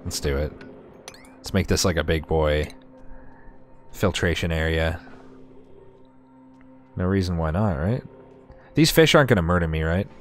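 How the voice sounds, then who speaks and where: A man's voice: low voice, measured pace, pauses often, soft background music. A man streamer giving casual gameplay commentary, chatty and sarcastic with himself, swearing often.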